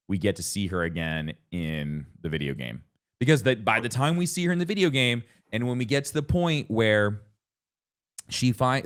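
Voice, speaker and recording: A man in casual podcast chat with a low voice, rambling through long thoughts. He restarts his sentences often and gets louder when excited. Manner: animated, rambling with frequent restarts. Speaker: podcast co-host. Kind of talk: casual gaming discussion.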